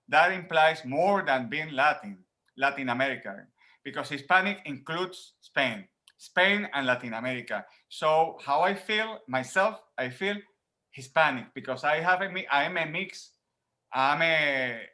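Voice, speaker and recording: A man from Rico, a professor answering interview questions in an animated way, laughing often and repeating words as he thinks, talking from home. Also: a little high. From Puerto Rico. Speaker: professor guest.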